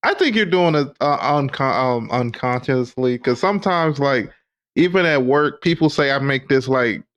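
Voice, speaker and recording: A man co-hosting a podcast in casual chat, talking in a hesitant, halting way. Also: medium pitch, lively intonation, a bit bright. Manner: hesitant, halting, slow drawl. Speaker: podcast co-host.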